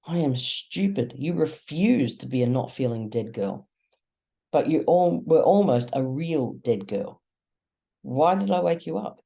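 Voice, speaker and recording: Reader doing a strange grey girl for a storybook, blunt broken phrasing, raised pitch. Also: expressive, a little slow, creaky, mellow. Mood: stilted. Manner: stilted, blunt, childlike.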